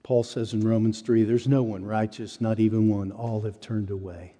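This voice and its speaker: A man's voice: on the low side, level tone, moderate pace, warm tone. Earnest preacher man in a reverberant hall. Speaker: pastor. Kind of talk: sermon.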